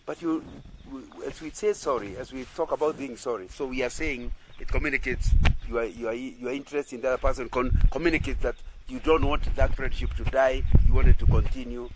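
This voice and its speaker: A Christian teacher with a medium-pitched voice speaks briskly in a sermon style, with a noisy background. He keeps checking that listeners agree and often repeats and restarts his phrases.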